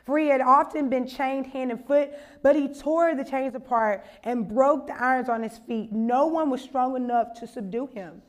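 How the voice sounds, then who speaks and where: A woman's voice: sits high, normal speed, hardly any pauses. A young woman preaching a sermon at a conference, casual and funny at first, then building to a fervent call to her listeners. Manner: conversational, humorous, building to impassioned exhortation. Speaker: conference speaker.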